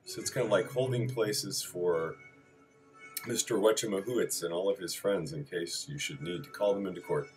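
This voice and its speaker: Over faint background music and poor audio, a low-pitched man reads lecture notes on civil procedure at a normal speed. He works through them as a terse list, with wry comments and apologetic corrections along the way.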